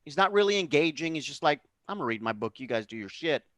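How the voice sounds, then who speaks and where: A man co-hosting a casual podcast about a film, speaking in a measured, thoughtful way and sometimes quoting characters. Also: fairly high pitch, animated, a bit bright. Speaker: podcast co-host. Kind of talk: casual film discussion over drinks.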